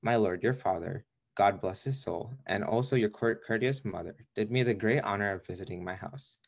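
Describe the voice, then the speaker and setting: A man voicing a sly, flattering male fox in a storybook reading, with smooth, coaxing courtly speech. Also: fairly low pitch, normal speed.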